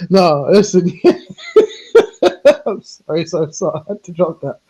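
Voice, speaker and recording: A man's voice: fairly high pitch, unhurried, long pauses, dark tone, husky. A man on a live stream, ranting heatedly, laughing often and acting out quoted exchanges. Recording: lo-fi online stream audio.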